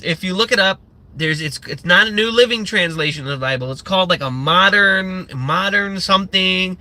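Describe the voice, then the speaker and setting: A man's voice: sits high, pushed and bright. A man hosting a livestream, ranting in a sarcastic, profane and rambling way, full of fillers and restarts. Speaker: livestream host.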